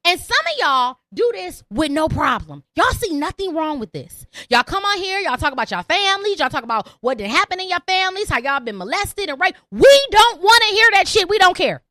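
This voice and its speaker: A woman's voice: sits high, sing-song, brisk, few pauses, sharp tone, no room sound, clean studio sound. A young woman hosting a call-in podcast, ranting brashly and profanely at her listeners. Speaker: podcast host.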